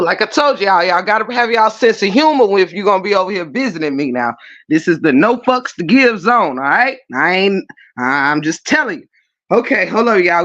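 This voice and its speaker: A livestream host casually retelling a story to the chat, animated and profane, with emphatic, drawn-out phrases. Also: mid-range voice, dull audio. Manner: animated and profane, with frequent laughing fits.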